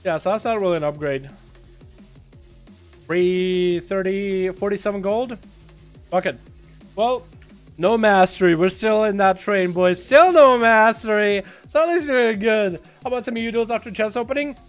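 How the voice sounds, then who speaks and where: A man with a raised, high-pitched voice talks to his live chat while playing a game, swearing freely. He is excitable and breaks into loud rants. It is casual and unscripted. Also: normal speed, pauses often, faint music behind. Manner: profane, excitable, swings into loud outbursts. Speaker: game streamer. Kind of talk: casual livestream commentary.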